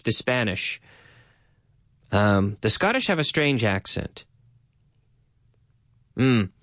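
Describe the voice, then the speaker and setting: A man hosting a bilingual English lesson for Spanish speakers, repeating phrases slowly for learners and mixing in Spanish words. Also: a little high, a bit bright, dry recording, studio quality. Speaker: language teacher and podcast host.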